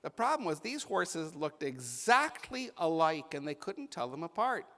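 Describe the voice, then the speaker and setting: A man serving as rabbi, speaking a sermon to a bar mitzvah boy in a conversational storytelling way with pauses for emphasis, in a synagogue sanctuary. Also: fairly high pitch, big pitch swings, a bit bright. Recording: echoey sanctuary with long reverb.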